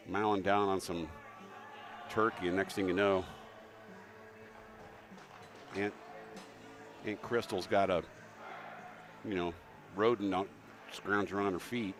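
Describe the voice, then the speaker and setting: A man with a low-ish, animated voice announces local hockey live from a mobile booth at the rink. He rambles, jokes, and pokes fun at himself at a normal speed with long pauses, and soft music plays in the background.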